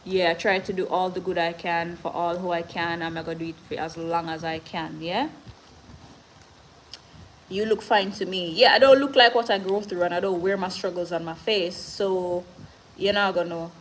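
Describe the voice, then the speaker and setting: A woman's voice: on the low side, fairly even intonation, normal speed, slight background noise, rough recording. A woman with a Jamaican accent, hosting a casual live stream and reading viewer comments. She talks in an earnest, motivational way, moves between patois and standard English, and is short of breath.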